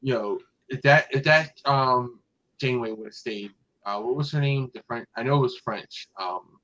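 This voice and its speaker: Casual male podcast host, mid-pitched, rambling delivery, slightly muffled lo-fi audio. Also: moderate pace, pushed and bright. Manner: rambling, many fillers and restarts. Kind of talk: casual fan chat.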